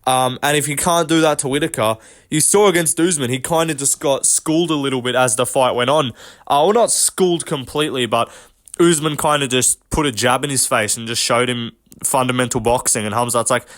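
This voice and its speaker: Casual sweary fight pundit. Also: male voice, mid-range voice, a little fast, a bit bright. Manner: loose, sweary banter with frequent fillers. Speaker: MMA commentator.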